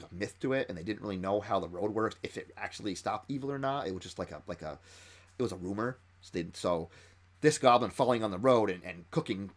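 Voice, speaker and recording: A man talks through a tabletop encounter he ran as game master. His voice sits a little low, and he speaks quickly. He often stops and restarts his sentences as he gets excited about the story.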